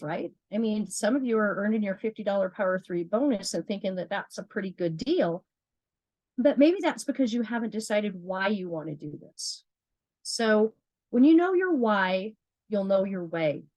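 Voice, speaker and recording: Female trainer, mid pitch, earnest and chatty, dry studio sound. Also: a little mellow, no echo, low-quality recording. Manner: earnest, repeats words, asks herself questions. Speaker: business trainer. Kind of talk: motivational sales training talk.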